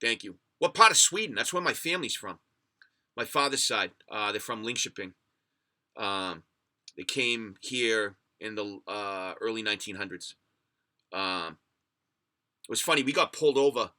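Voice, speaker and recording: A man's voice: on the low side, lively intonation, moderate pace, long pauses, pushed and bright. A man from the United States hosting a livestream podcast, rambling and swearing as he tells stories and reads chat comments. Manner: rambling, profane storyteller reading chat comments.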